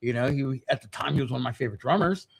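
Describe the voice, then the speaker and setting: A man's voice: mid-range voice, rapid-fire, vocal fry, slightly rough. A middle-aged man telling stories as a podcast guest in casual chat. He rambles and swears constantly as he talks. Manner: profane, rambling, heavy swearing. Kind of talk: casual storytelling.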